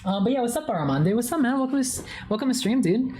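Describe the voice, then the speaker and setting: A woman livestreamer chatting casually with her viewers, swearing constantly and telling a story with big swings in pitch. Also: expressive, fast talker, mellow, slight background noise. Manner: greets chat viewers by name.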